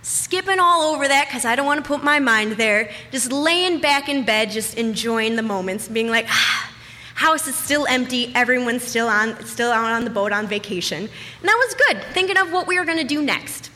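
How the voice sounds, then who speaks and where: A young woman telling a personal story in a casual, animated way, swearing often and acting out panicked quotes. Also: on the high side, normal speed, big-room sound.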